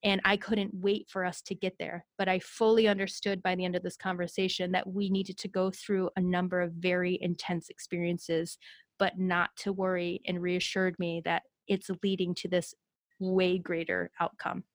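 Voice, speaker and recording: Earnest, even-toned woman recounting an experience. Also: on the low side, normal speed, dry recording, studio quality. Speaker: guest. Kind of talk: personal storytelling in an interview.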